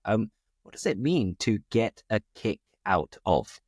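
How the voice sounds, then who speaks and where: A man's voice: fairly low pitch, animated, moderate pace, no echo, studio quality. A British man hosting a casual chat, upbeat and talkative, explaining expressions as he goes. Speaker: host.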